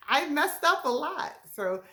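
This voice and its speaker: A woman delivers a heartfelt inspirational message. Her voice sits a bit high and she talks slowly and unhurriedly. She sounds moved, close to tears, with soft laughter breaking into her words. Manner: heartfelt, laughing through tears, Southern-tinged casual speech. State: emotional, near tears. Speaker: ministry leader.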